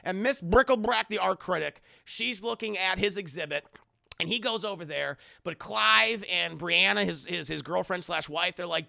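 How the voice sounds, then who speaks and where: A man's voice: high voice, moderate pace, vocal fry, bright, forceful tone, dry recording. A man reviewing a film live for his chat in a casual, profane, rambling recap.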